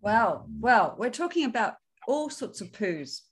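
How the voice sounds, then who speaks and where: A woman's voice: on the high side, very animated, a little slow, breathy edge. An Australian woman hosting a podcast in casual chat, with a cheeky, teasing manner. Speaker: podcast host.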